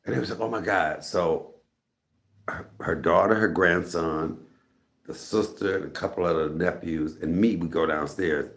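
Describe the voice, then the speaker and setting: Animated gravelly-voiced man telling a story. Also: unhurried, long pauses. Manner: animated, laughing, jumps into high excited pitch when retelling. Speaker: storytelling host of a live stream. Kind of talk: casual storytelling to viewers.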